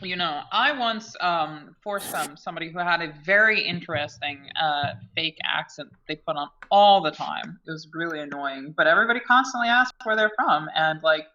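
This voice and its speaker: A man chatting with friends, telling stories in a halting way full of ums and uhs. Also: on the high side, bright, forceful tone, muffled recording, slight background noise. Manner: halting, lots of fillers, joking. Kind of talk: casual chat among friends.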